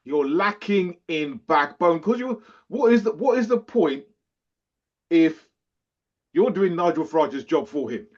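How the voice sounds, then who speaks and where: A man's voice: high-pitched, very animated, measured pace, pauses often, mellow, husky. A man co-hosting a podcast, chatting casually and animatedly, laughing and acting out quotes. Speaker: podcast co-host. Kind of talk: casual chat. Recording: dull lo-fi sound.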